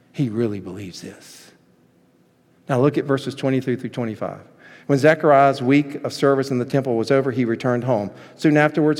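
A man preaching a sermon, telling the story with lively asides and acting out the people in it. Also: on the high side, big-room sound. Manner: animated storytelling, acting out voices. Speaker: pastor.

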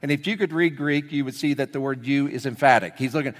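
A man preaching a sermon as pastor, telling the story with lively energy and dropping to hushed emphasis at key points. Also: a little high, fast, few pauses. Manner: animated storytelling, swings between loud excitement and hushed emphasis. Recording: long reverb of a large hall.

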